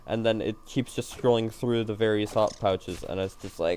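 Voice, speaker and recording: A man's voice: fairly low pitch, normal speed, a little mellow, clean tone. A man streaming a game, rambling and joking to himself and his viewers in a tired, self-mocking way. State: yawning, tired. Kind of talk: casual gaming stream chatter.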